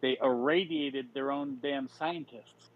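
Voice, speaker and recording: A man's voice: mid-range voice, steady tone, takes it slowly, a loud crowd. A man co-hosting a casual chat, blunt and skeptical, swearing as he makes his points. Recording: dull lo-fi mic with faint hiss.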